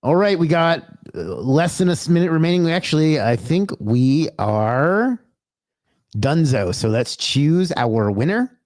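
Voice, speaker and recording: A man's voice: on the high side, very animated, a little slow, a little mellow, dry recording. A man hosting a casual livestream, greeting viewers by name and chatting loosely, with the odd curse. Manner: loose and chatty, swears, talks to himself. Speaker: livestream host.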